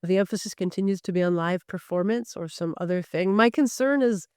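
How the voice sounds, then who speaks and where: Articulate woman, smooth and close. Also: lowish voice, a little fast, darkish tone, no echo. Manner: thoughtful, articulate, laughs easily. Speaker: guest, recording artist. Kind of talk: podcast interview conversation.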